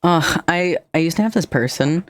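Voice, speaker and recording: A woman's voice: low voice, moderate pace. A woman from Minnesota with a Minnesotan accent, chatting casually on her stream in a bubbly, flirty, self-mocking way that sometimes drops to a whisper. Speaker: streamer host.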